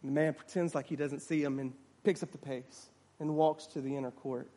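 A man's voice: fairly high pitch, fairly even intonation, a little fast, dark tone. A man preaching a sermon, retelling a story dramatically and acting out the voices of its people.

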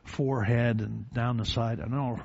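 An older man preaching a sermon in a church, telling a quiet personal story that swells into loud, drawn-out preaching. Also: mid-range voice, fairly even intonation, vocal fry, a little hiss or hum. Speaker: pastor. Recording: dull lo-fi recording.

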